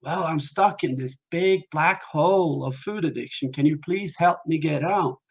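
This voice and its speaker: A man's voice: a little high, moderate pace, husky, pitched above the performer's own voice. A man voicing a desperate male food addict stuck in a hole, begging for help. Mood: pleading. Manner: pleading, repetitive cries for help.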